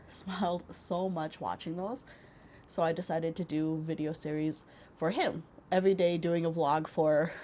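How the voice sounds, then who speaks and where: Her voice sits low and warm as this young woman, congested from a cold, rambles casually through a book haul vlog with lots of fillers and restarts. She uses a small wireless clip-on mic that cuts off the highs, with slight background noise.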